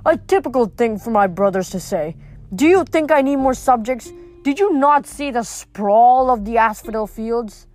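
A woman's voice: a little high, lively intonation, moderate pace, darkish tone, soft background music, lightly acted. A woman doing a bellowing underworld god. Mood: aggrieved. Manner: bellowing, aggrieved and threatening. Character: angry male god of the underworld, imperious.

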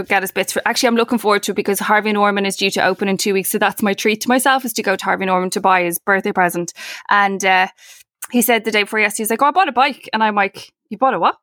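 A woman in her forties with an Irish accent rattles through stories at a quick clip and keeps up the casual podcast chat. She swears easily and slips into the voices of people she is quoting. The recording is dry and close, with no room sound. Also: mid-range voice, a bit bright, dry recording. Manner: chatty, swearing, acts out quoted voices in anecdotes. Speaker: podcast co-host.

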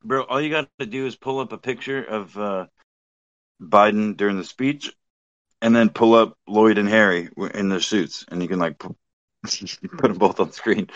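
A man's voice: fairly low pitch, moderate pace, fairly bright tone, no room sound, highs cut off. A man joining a casual podcast stream as a guest, crude, blunt and joking.

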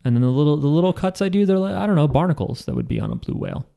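A man co-hosting a podcast in casual chat, rambling and halting with a deadpan delivery. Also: fairly high pitch, creaky. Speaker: podcast co-host.

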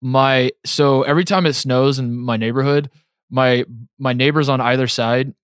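A man's voice: mid-range voice, steady tone, normal speed, smooth, no room sound, clean studio sound. A man co-hosting a podcast in casual chat, rambling and self-mocking with frequent restarts. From American Midwest. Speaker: podcast co-host.

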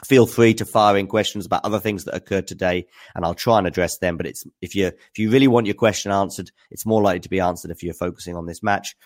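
Male tennis news host, lowish voice, chatty and hesitant on a live stream. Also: quick pace, few pauses. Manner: chatty, hesitant, full of fillers. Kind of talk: live-stream commentary recap.

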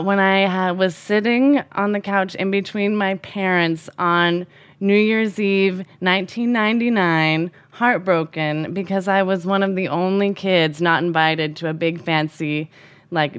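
A woman in her thirties telling a funny, self-deprecating personal story in an animated, conversational way. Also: medium pitch.

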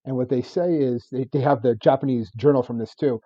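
A man's voice: mid-range voice, brisk, mellow, slightly rough, no echo, dull audio. A man co-hosting a podcast, telling stories in rambling casual chat with many restarts and laughs. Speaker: podcast co-host.

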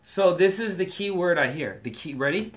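A young man telling a long, profane story in casual chat, animated and quoting others. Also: sits high, normal speed.

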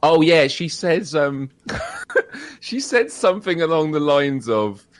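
A man's voice: a little high, slow. A British man co-hosting a podcast, chatting casually, laughing often and acting out quotes as he tells stories. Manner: laughs often, animated storytelling with mimicked quotes. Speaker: podcast co-host. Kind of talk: casual chat.

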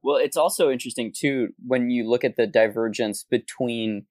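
A man holds forth in an animated podcast chat, stacking analytical points and quick asides. His voice sits at a middle pitch, and the room is dry with no echo. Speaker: podcast co-host. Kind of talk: casual podcast discussion.

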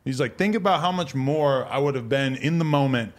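A man in casual podcast chat, speaking in a skeptical, reflective, measured way. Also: medium pitch.

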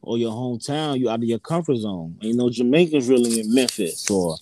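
A man's voice: mid-range voice, animated, a little fast, warm tone, no echo. A man, a comedian guest talking in a laid-back, slangy way in a casual interview, laughing often. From New York.

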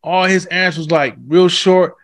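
Animated, foul-mouthed man chatting. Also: sits high, a little slow, no echo, studio quality. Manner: animated, swears freely, acts out quotes. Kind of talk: casual chat.

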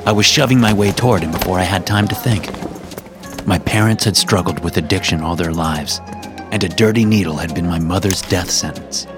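A man narrating a first-person horror story for his podcast in a steady, measured way. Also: deep voice.

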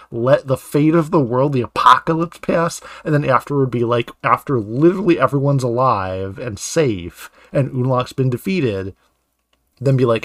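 A man co-hosting a casual podcast, arguing his point in fast, animated rambling rants. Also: mid-range voice, dry recording. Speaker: podcast co-host. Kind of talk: casual chat.

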